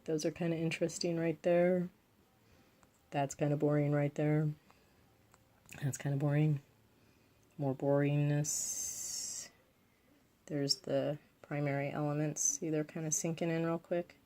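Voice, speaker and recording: Low and mellow, this woman's voice has a flat delivery and an unhurried pace with frequent pauses. She's a craft vlogger talking casually while painting, weighing her choices aloud and adding playful asides.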